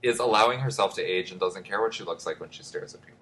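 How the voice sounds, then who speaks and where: A man's voice: fairly low pitch, fast, a bit bright. A man hosting a casual film podcast, rambling and self-deprecating, restarting his thoughts as he goes. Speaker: podcast host.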